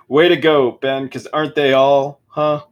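A man co-hosting a podcast, casually mocking a book as he reads passages aloud in a sarcastic, dramatic way. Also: a little high. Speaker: podcast co-host.

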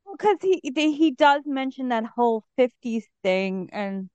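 A woman co-hosting a podcast, chatting in an animated way with playful asides. Her voice is fairly high, and it comes through a dull, lo-fi mic with a dry sound and no room echo. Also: measured pace. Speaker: podcast co-host. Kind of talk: casual chat recapping a TV episode.

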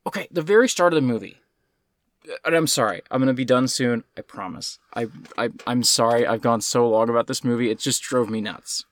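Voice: mid-range voice, expressive, normal speed, fairly bright tone, no echo, clean studio sound. A podcast co-host ranting about a film in casual chat, swearing often and sounding exasperated.

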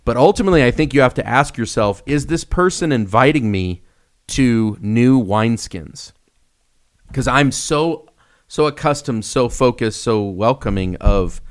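A man's voice: medium pitch, normal speed. Young guy podcast host, storytelling, lots of ups and downs in his voice. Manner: animated storyteller, acts out quoted voices. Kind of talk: casual podcast chat.

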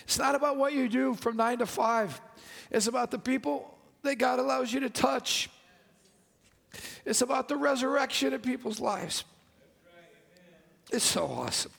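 High, gravelly-voiced man preaching passionately. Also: measured pace, pauses often, fairly bright tone, in a large hall. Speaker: pastor. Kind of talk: sermon. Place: church sanctuary with congregation.

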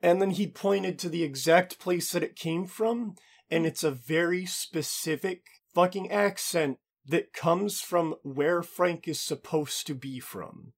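Brief: man podcast co-host, gravelly and raspy, blunt and emphatic. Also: a little high, unhurried. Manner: emphatic, swearing, blunt opinions. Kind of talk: casual chat.

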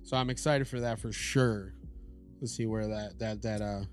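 A man's voice: lowish voice, steady tone, moderate pace, faint music behind. Laid-back swearing male podcast host. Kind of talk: casual chat.

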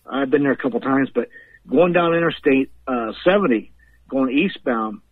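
A man's voice: mid-range voice, lively intonation, moderate pace, no room sound. Male guest, rambling laughing storyteller, phone-line sound. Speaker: guest paranormal investigator. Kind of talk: casual storytelling on a podcast.

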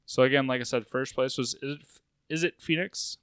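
A man's voice: medium pitch, brisk, fairly bright tone, smooth, no echo. A man co-hosting a podcast, running steadily through tournament results in a casual way, his voice wearing out. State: voice going out. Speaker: podcast co-host. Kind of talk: casual chat, reading results.

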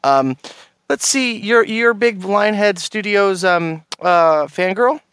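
A man with a clean, resonant voice hosts a laid-back gaming podcast. He rambles playfully, stopping and restarting often. His voice sits a little high, and the sound is dry and close. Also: animated, takes it slowly, a bit bright, smooth, no echo. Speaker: podcast host. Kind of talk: casual gaming podcast chat.

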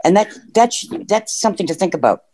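Against a crowd in the background, a male caller speaks briskly in a high-pitched voice with big swings in pitch. He phones in to a discussion program with earnest points but occasionally loses his thread.

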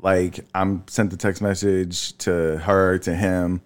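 A man in his thirties telling a family story in casual chat, tired, swearing freely and leaping up in pitch when he quotes people. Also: takes it slowly. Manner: animated storyteller, swears freely, jumps high when quoting. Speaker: podcast co-host.

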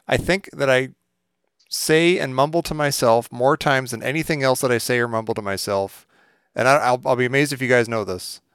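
Male podcast co-host, smooth resonant voice, dry close mic, rambling with many restarts. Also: medium pitch, moderate pace, a bit bright, no echo. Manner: rambling, self-interrupting, hesitant. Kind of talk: casual chat.

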